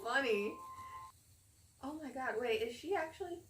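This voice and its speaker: A woman giving casual reaction commentary, excitable and swearing often as she talks at the screen. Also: sits high, moderate pace, long pauses, a little hiss or hum. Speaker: reaction video creator. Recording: roomy, off-mic, show audio playing behind.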